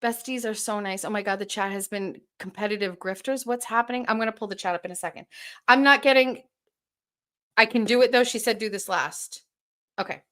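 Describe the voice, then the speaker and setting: A woman hosting a casual livestream, excitedly opening gifts and chatting to her viewers while swearing freely. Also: mid-range voice, brisk. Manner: excitable, swears often, laughs and gasps. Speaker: livestream host.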